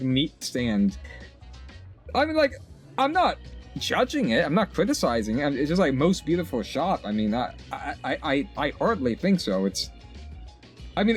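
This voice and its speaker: A male streamer rambles through his game commentary, stammering and restarting as he pokes fun at what is on screen. His voice swings lively up and down, with soft music faint behind him. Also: fairly high pitch. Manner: rambling, stammering, profane asides.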